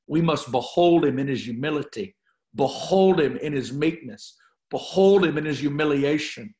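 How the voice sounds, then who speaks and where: A man's voice: fairly high pitch, darkish tone, reverberant. A man teaching a Bible study, reading scripture aloud and preaching on it with repeated phrases for emphasis. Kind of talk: teaching sermon.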